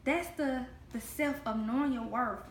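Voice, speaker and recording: A woman's voice: high-pitched, moderate pace, a little hiss or hum. A woman giving a spoken Christian devotional to camera, earnest and heartfelt, repeating phrases for emphasis. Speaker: devotional host. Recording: echoey room.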